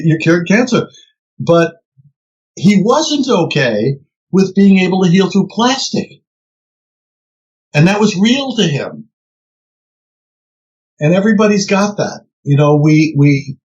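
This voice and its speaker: A man's voice: a little high, highs cut off. A man in his seventies, a researcher guest in a conversational interview, telling stories and acting out the voices of people he quotes. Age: 70s. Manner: animated storyteller who acts out quoted voices.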